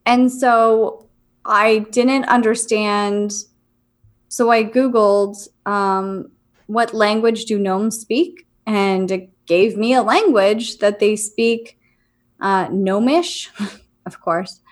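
A woman's voice: mid-range voice, takes it slowly. Hesitant woman describing what she senses. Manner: hesitant and musing, full of fillers. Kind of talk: casual chat.

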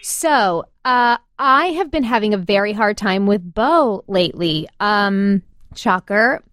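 Candid mom co-host, dry studio sound. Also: female voice, mid-range voice, expressive, slow, a bit bright, no room sound. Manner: candid, swears freely, acts out quotes. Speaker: podcast co-host. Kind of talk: casual chat.

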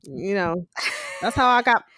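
A chatty woman recaps a show in a loose, casual way, acting out the characters' lines and laughing often. Her voice sits at an ordinary middle pitch. The sound is dry and close, with no room around it. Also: animated, a little slow, a bit bright, no room sound. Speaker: podcast co-host.

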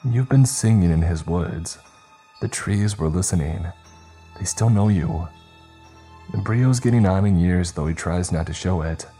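A man's voice: sits low, a little slow, dark tone, faint music behind. A man voicing a frightened young man who begs and whines in a desperate, pleading way, in a storybook reading. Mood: anxious. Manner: whining, begging.

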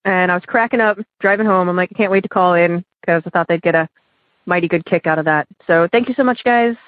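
A woman's voice: on the low side, fast talker, no echo. A woman calling in from Ohio, chatting through a story with many fillers and laughs. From Ohio, USA. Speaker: caller. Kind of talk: casual phone-in story. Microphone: phone. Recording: tinny dry phone line.

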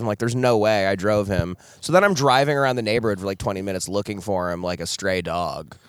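A man co-hosting a podcast, telling an animated story in casual chat and acting out the people in it. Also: on the low side, brisk, clean tone, dry recording, clean studio sound. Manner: animated storytelling, does loud impressions. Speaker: podcast co-host.

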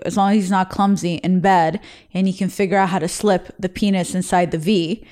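A woman's voice: medium pitch, darkish tone. A young woman from Israel hosting a show, reacting to listener stories in a candid, bawdy, laugh-filled casual chat. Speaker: host reading listener stories.

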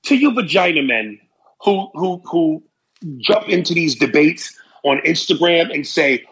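A man's voice: fairly high pitch, expressive, measured pace, fairly bright tone, low-quality recording. A man hosting a casual podcast, ranting brashly and profanely about sports and comedy. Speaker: podcast host.

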